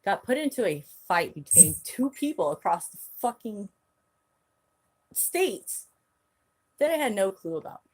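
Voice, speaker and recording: A woman's voice: medium pitch, very animated, unhurried, long pauses, darkish tone, slightly rough. A woman hosting her own channel, ranting bluntly on a live stream, angry and swearing heavily. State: angry, agitated. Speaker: channel host.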